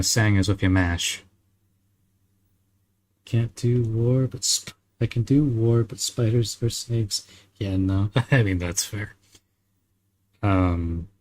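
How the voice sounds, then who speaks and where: A relaxed young man from Australia talks with his viewers over a game. His voice sits on the low side, and his easy, rambling delivery is dotted with chuckles and the odd casual swear. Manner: laid-back, chuckles often, swears casually. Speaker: streamer chatting with viewers while gaming. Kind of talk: casual chat.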